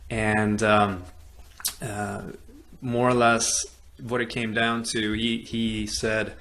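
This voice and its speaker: A man from Europe hosting a podcast, telling a personal story in an animated way and acting out the other people's lines. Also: fairly low pitch, slow pace. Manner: animated storyteller, acts out quoted dialogue, many fillers. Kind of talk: storytelling in casual conversation.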